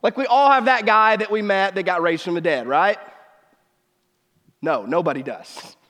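A pastor in his thirties tells a story from the pulpit, dropping to hushed tones and then rising with excitement. His voice sits high for a man. The sound rings with the long reverb of a church sanctuary. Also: moderate pace. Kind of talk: sermon with personal story.

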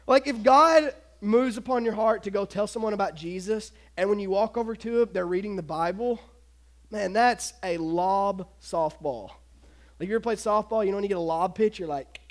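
High-voiced animated man preaching. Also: normal speed. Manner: animated, acts out voices, laughs often. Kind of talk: storytelling youth sermon.

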